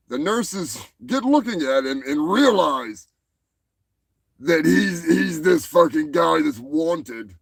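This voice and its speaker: Slow, gravelly man ranting. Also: fairly high pitch, no room sound, low-quality recording. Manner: profane, meandering, stumbles and repeats words. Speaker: show host. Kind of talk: rambling comedic commentary.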